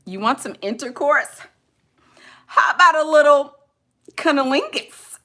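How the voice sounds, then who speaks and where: A woman's voice: high voice, lively intonation, measured pace, pushed and bright, pitched above the performer's own voice, heavily acted. A woman voicing a prim, overly formal suitor who talks stiffly in fancy words. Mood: pompous.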